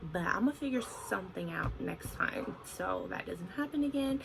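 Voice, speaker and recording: A young woman in her twenties telling a story on her vlog in an animated, expressive way, full of "like". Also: lowish voice, moderate pace, vocal fry, noisy background. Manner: animated, expressive retelling with frequent "like". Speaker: vlogger.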